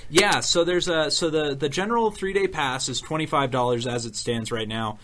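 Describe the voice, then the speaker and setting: Rambling man pitching a gaming convention. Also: moderate pace, fairly bright tone, slight background noise. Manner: rambling, filler-heavy, joking. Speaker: convention PR guest. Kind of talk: casual radio chat. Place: radio studio.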